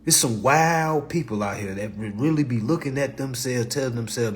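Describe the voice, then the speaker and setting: A man hosting a livestream in a blunt, profane, passionate rant, repeating himself and swinging between loud and low. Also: normal speed, hardly any pauses, slight background noise. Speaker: livestream host.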